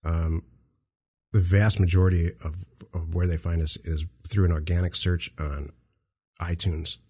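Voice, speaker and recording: A man's voice: low-pitched, level tone, measured pace, dark tone, husky. A man hosting a podcast, chatting in a rambling, jokey way with many restarts. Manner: rambling, self-interrupting, jokey. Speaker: podcast host. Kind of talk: casual chat. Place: dark office.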